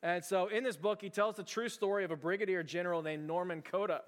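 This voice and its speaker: A man preaching a sermon as pastor, telling stories in an animated, conversational and emphatic way. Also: high-pitched, quick pace, long reverb tail.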